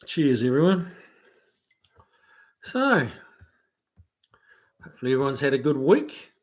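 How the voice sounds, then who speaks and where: A New Zealand man hosting a casual livestream, easygoing and chatty, often laughing and pausing on fillers as he reads out viewer comments. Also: medium pitch, big pitch swings. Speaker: livestream host. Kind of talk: casual live chat, reading out viewer comments.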